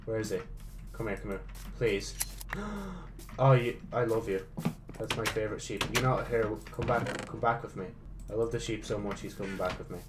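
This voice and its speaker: A man hosting his own gaming channel, giving casual gameplay commentary, excitable and swearing often as he talks to himself. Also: on the low side, moderate pace, noisy background.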